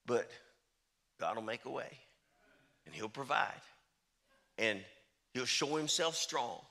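A man's voice: mid-range voice, expressive, slow pace, sharp tone. A middle-aged man, a traveling preacher, telling folksy stories in a sermon and often repeating "I said" and "he said". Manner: chatty, storytelling, repeats "I said" and "he said".

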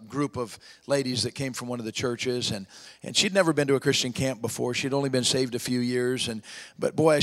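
A middle-aged man preaching a storytelling sermon in a folksy, emphatic way, dropping to a hush for heavy moments. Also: mid-range voice, long reverb tail. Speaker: evangelist preacher.

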